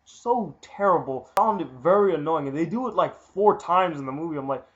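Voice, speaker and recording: Rich: A man giving a casual movie review, blunt and candid, often repeating a point for emphasis. His voice sits a little high for a man, and the recording sounds dull and lo-fi. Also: expressive, moderate pace, few pauses. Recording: muffled lo-fi recording.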